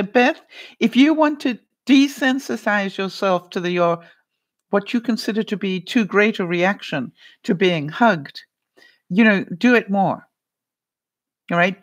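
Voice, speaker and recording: A middle-aged woman vlogger giving earnest, casual advice to viewers. She often restarts her sentences and says "you know". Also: mid-range voice.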